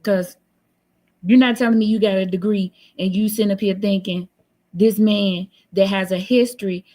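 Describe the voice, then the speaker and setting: A woman's voice: mid-range voice, warm tone. A woman hosting a live stream, talking in a blunt, teasing, sassy way in casual commentary. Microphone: computer mic on a live stream.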